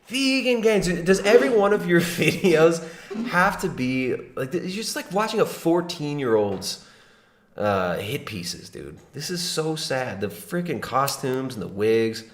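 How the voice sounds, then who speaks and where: A man's voice: a little high, very animated, measured pace, echoey room. Sarcastic man reacting animatedly. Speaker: livestream host. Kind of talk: mocking reaction commentary.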